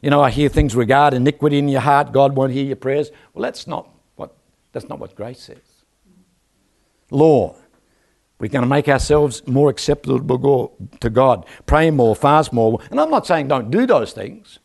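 Gravelly preacher. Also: male voice, mid-range voice, animated, normal speed, a little mellow. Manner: storytelling with rhetorical questions and calls for amen. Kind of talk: sermon. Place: church.

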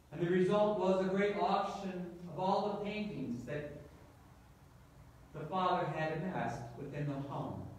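A man, a priest, telling a story in a sermon with slow, measured delivery, recorded in a church from far off. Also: high voice, very echoey.

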